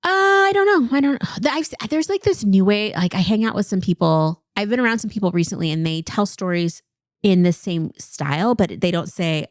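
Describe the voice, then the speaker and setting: A woman's voice: mid-range voice, big pitch swings, brisk, no room sound, studio quality. A woman in her forties co-hosting a podcast in casual chat, laughing often and mimicking old slang in playful voices. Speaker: podcast co-host.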